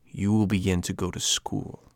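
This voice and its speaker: A man's voice: deep voice, level tone, moderate pace, creaky, no echo. A man voicing a kind but stern motherly fairy, speaking in a solemn, admonishing way in a storybook reading. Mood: instructing.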